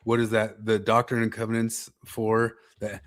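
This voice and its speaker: A man's voice: lowish voice, completely flat delivery, normal speed. Joking man griping on a podcast. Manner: griping, joking, repeats words. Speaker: podcast host. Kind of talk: casual chat.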